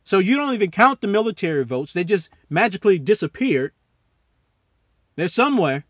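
A man's voice: sits high, sing-song, moderate pace, dry recording, highs cut off. A man hosting a podcast, ranting angrily about politics with heavy profanity and mocking asides; he talks as a serving military member. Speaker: podcast host. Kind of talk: angry political rant.

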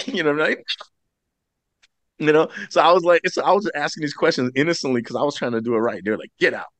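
Lively, laughing male podcast host. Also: on the high side, fast talker, dry recording. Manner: animated, laughing, acts out quoted voices. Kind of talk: casual storytelling chat.

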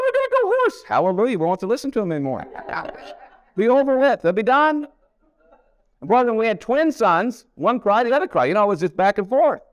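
A middle-aged man preaches in a folksy, storytelling way, hammering points home by repeating them. His voice sits a little high for a man. The sound is close and dry, with no room around it. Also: no room sound. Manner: folksy storytelling with emphatic repetition. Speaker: pastor. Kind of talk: sermon. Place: camp meeting hall.

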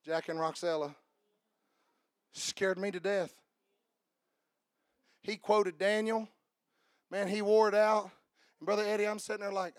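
High-voiced preaching man, dry sound. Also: fairly even intonation, a little slow, pauses often, no echo. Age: 40s. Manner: shouting and half-singing at climaxes; quiet conversational storytelling. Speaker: pastor. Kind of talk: sermon. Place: church.

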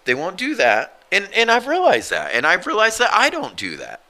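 A man's voice: high voice, huge pitch swings, moderate pace, sharp tone. A man in his forties talking casually and earnestly about his faith, blunt and self-deprecating. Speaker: co-host. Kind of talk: casual Christian podcast chat.

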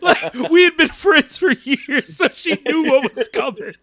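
A man telling funny stories in a casual, animated way, laughing often and dropping his voice low and calm when he quotes himself. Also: a little slow, no room sound. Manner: uses "y'all" and slang. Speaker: podcast guest storyteller. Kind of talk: casual storytelling.

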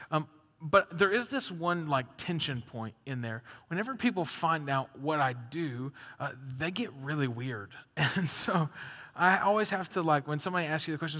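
A young adult man preaching a sermon as a pastor, animated, dropping to a hush and rising loud, acting out the quotes he reads. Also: fairly high pitch, normal speed. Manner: animated, swings from hushed to loud, acts out quotes. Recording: echoey hall reverb.

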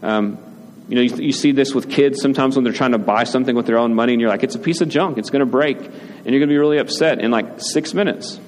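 Quick-paced and medium-pitched, an adult man who is a father preaches as a pastor in a conversational way. He checks in with "right?" often and acts out brief quotes, in a reverberant hall with faint ambient noise.

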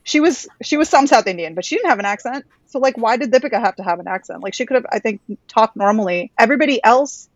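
A woman's voice: on the high side, animated, fast talker, few pauses, no room sound. Chatty woman on a dull, dry call. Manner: chatty, frank, trails off and restarts. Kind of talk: casual chat. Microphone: video call.

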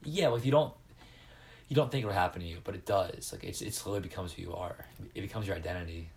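A man's voice: sits low, quick pace, gravelly, a little mellow. A young man in casual chat, rambling a little with lots of fillers. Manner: rambling, filler-heavy talk.

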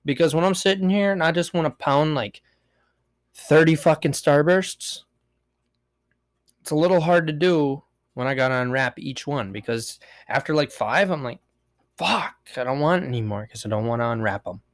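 A man's voice: on the high side, normal speed. A man hosting a solo podcast, rambling and joking with lots of swearing. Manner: rambling, profane, jokey. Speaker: podcast host. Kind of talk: solo casual podcast monologue.

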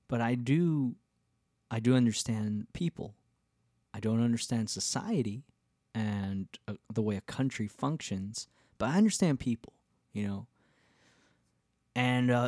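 Low-voiced rambling podcast guy. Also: a little mellow, no room sound, clean studio sound. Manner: rambling, candid, self-deprecating, full of fillers. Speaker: podcast host. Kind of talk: casual solo storytelling.

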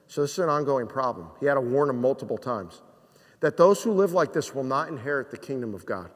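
A man's voice: medium pitch, animated. Preaching man in a reverberant hall. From New Jersey. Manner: conversational preaching with rhetorical questions and dramatic pauses. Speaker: pastor. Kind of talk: sermon.

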